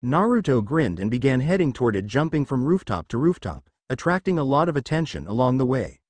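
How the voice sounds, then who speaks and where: Lively male storyteller, dry sound. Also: mid-range voice, brisk, no room sound. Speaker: story narrator. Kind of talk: fanfiction reading.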